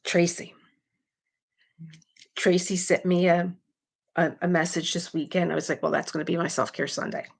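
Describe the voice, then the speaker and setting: A middle-aged woman with a slightly low-pitched voice hosts a casual live craft stream. She talks in an animated way, reads viewer comments aloud and laughs often. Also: normal speed, gravelly, pauses often, slightly rough.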